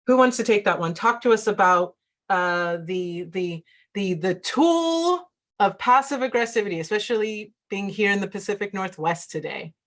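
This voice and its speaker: A woman's voice: medium pitch, moderate pace. A woman hosting and moderating a panel discussion, thoughtful and searching for her words as she poses questions. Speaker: host and moderator.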